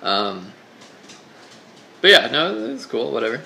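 Man, casual podcast chat, rambling and laid-back, bright voice, echoey room. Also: mid-range voice, big pitch swings, unhurried, vocal fry, a little hiss or hum. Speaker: podcast co-host.

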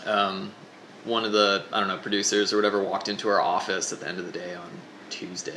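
A man's voice: on the low side, flat delivery, fast talker, bright, forceful tone, echoey room, a little hiss or hum. A man co-hosting a podcast in casual chat, laid-back and rambling, peppering his talk with "like" and swearing. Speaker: podcast co-host.

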